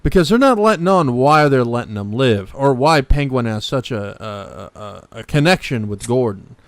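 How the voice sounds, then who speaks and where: Man with a smooth, dry voice. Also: medium pitch, animated, normal speed, no room sound. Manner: rambling recaps with many fillers and restarts. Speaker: podcast co-host. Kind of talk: casual chat.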